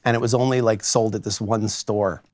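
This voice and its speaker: A man's voice: lowish voice, steady tone, normal speed, a little mellow, no room sound, clean studio sound. A man working as a divorce lawyer, telling a story in a chatty way full of fillers. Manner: chatty, many fillers like "like" and "you know". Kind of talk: anecdotal storytelling.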